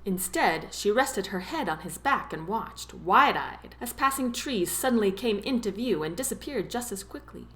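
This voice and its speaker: Lively, bright-voiced woman narrating. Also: mid-range voice, moderate pace, few pauses. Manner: expressive storytelling. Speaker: audiobook narrator. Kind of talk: scripted narration.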